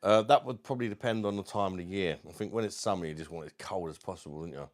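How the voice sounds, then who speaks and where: Chatty London man, lowish voice. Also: rapid-fire. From South East London. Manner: chatty and matey, calls viewers mate. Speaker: livestream host. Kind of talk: casual livestream chat, reading out comments.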